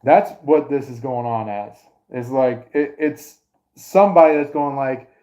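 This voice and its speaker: A man's voice: mid-range voice, a little slow, mellow, highs cut off. A man doing a casual astrology reading to his viewers, rambling with many fillers and restarts. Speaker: astrology and tarot reader.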